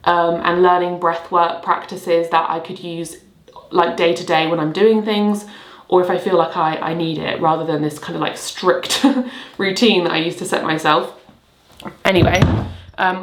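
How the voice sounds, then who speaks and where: A woman chatting casually in a relaxed, rambling way as a lifestyle vlogger, talking to camera in her bathroom at home. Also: medium pitch. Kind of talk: casual vlog chat while tidying. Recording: echoey bathroom.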